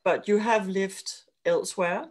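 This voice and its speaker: A woman from Denmark moderating a casual interview, asking questions with curiosity and encouragement. Her voice sits at an ordinary mid pitch. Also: measured pace. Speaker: interviewer, book club moderator.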